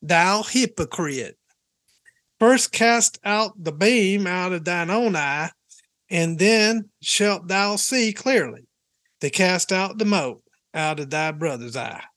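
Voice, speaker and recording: Guy putting on a southern preacher voice, slow and solemn, higher-pitched, dry sound. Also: expressive, fairly bright tone, no echo, heavily acted. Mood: preaching. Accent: put-on Southern US. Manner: slow, drawn-out, solemn reading. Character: folksy Southern preacher reading scripture, man.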